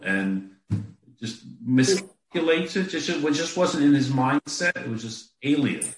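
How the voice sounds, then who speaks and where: Male interviewer, mid pitch, hesitant phrasing, echoey room. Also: animated. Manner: halting, searching for words. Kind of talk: conversational interview questions.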